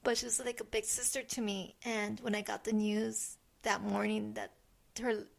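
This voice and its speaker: Middle-aged woman on a podcast, bit of fry, soft, stops and restarts a lot. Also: mid-range voice, flat delivery. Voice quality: soft, halting, many restarts. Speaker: podcast co-host, medium. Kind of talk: casual chat.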